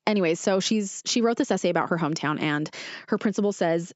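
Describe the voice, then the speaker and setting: A young woman hosts her own podcast in a fairly low voice, earnest and gushing, rambling through her thoughts with plenty of fillers. She sits close to the mic in a dry, slightly dull-sounding recording. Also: fast talker, no room sound. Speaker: podcast host. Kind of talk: casual solo podcast chat.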